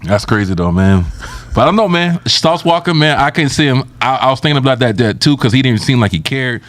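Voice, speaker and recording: A man co-hosting a podcast, telling stories in slangy, animated casual chat. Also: mid-range voice, fairly quick, dry recording. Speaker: podcast co-host.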